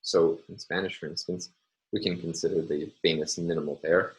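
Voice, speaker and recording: Very deep-voiced man lecturing on phonology. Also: steady tone, slight background noise, low-quality recording. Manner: measured and explanatory, with frequent ums and uhs. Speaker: university lecturer. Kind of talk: recorded lecture.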